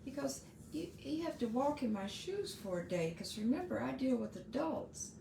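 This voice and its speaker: A woman's voice: high voice, expressive, moderate pace, vocal fry, roomy sound, noisy background. A middle-aged woman hosting her own podcast, giving casual, earnest advice to parents with frequent asides and restarts. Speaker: podcast host.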